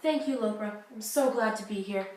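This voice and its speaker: A woman's voice: medium pitch, a little fast, darkish tone, a little hiss or hum, close to an everyday voice. A young woman with an American accent playing a journalist guest, speaking in an earnest, confessional way. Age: young adult. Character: American journalist woman living abroad, divorced. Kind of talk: school-project talk-show role-play. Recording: echoey room, distant mic.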